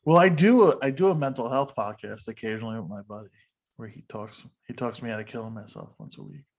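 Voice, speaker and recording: A man's voice: mid-range voice, fast talker. Laid-back rambling male podcast host. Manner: rambling, self-deprecating, laughs often. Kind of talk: casual chat.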